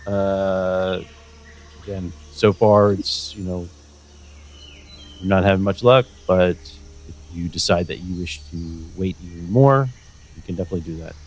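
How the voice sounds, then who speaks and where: A man's voice: low-pitched, a little slow, a little mellow. A man narrating as game master of a tabletop game, hesitant with many fillers.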